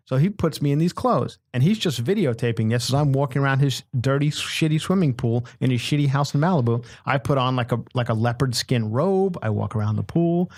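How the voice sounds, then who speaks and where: A man's voice: mid-range voice, expressive, fast talker, few pauses, a little mellow, no room sound, studio quality. A man hosting a podcast, telling a long comic story in a casual, profane way and acting out the people in it. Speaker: podcast host.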